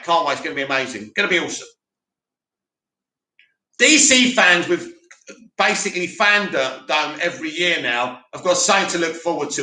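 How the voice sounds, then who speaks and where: Casting: young South London guy, high, very bright voice, animated live-chat host, echoey room. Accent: South London English. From Bromley, England. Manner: animated, banter with chat, swears casually. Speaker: host of a live movie news stream. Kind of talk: casual live-stream chat reading comments.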